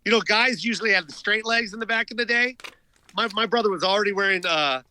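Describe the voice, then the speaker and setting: Fast-talking and high-pitched, this middle-aged man appears as a comedian guest, spinning stories in a casual conversation full of filler words. His tone is clean and his storytelling animated, though the recording is rough.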